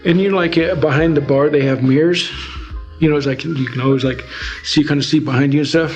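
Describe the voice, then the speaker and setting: A man's voice: a little high, fairly even intonation, fast talker, dull audio. Man telling his story, faint music. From Alaska. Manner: rambling storytelling with many fillers. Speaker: interviewee. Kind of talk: personal testimony.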